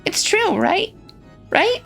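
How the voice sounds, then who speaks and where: A performer voicing a timid, squeaky-voiced girl who has just become head of her family, reading a visual novel aloud in character. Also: big pitch swings, slow pace, vocal fry, a bit bright, soft background music, heavily acted. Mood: bewildered. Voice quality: squeaky, childlike.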